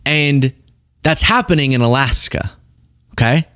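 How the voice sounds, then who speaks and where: A man's voice: medium pitch, measured pace, clear, resonant tone, no echo, clean studio sound. A young man hosting a political commentary show, talking casually and sarcastically with frequent laughs. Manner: animated, sarcastic, laughs often.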